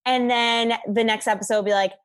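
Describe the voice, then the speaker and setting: A woman's voice: fairly high pitch, fairly even intonation, brisk. A young woman tells stories as a podcast guest. She talks in a bubbly, goofy way and laughs often. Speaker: podcast guest, app founder. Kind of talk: casual interview storytelling.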